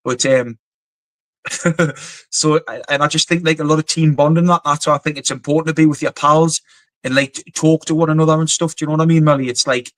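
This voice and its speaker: A man's voice: fairly high pitch, fairly even intonation, fairly quick, fairly bright tone, no room sound. A man talking as a guest on a video call from offshore quarters, rambling and swearing bluntly. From England. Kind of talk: casual interview chat.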